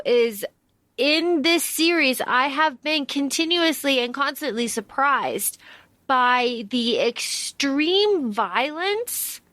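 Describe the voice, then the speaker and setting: A young woman co-hosts a casual book podcast with a high voice. She talks bluntly and swears freely. Her voice is recorded close and dry, with no room sound. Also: pushed and bright, no room sound. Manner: blunt, swears freely, acts out characters mockingly. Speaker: podcast co-host.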